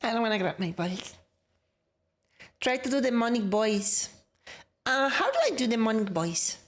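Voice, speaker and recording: A woman's voice: on the high side, expressive, normal speed. Playful young woman streamer. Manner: playful, greets chat by name. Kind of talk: casual live-stream chat.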